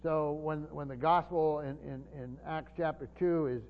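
A man's voice: a little high, steady tone, normal speed. A man teaching a Bible sermon as a pastor, earnest and explanatory, with frequent fillers and restarts. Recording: dull long-reverb hall sound.

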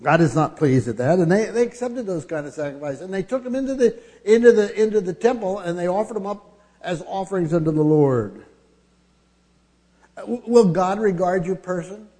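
A man delivers a sermon in a fairly high but mellow voice, pausing often and restarting his phrases, then building toward emphatic passages. His words ring out with a long reverb, as in a church sanctuary. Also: expressive. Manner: halting, many fillers and restarts, grows emphatic. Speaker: preacher.

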